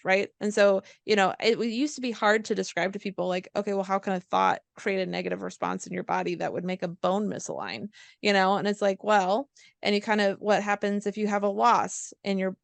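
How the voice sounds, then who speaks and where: A chatty woman co-hosting a podcast, explaining health ideas as a chiropractor. Her voice carries a gravelly edge, and she sits close to the mic in a dry room. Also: medium pitch, dry recording. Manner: chatty, explanatory, acts out quotes. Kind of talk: casual podcast chat.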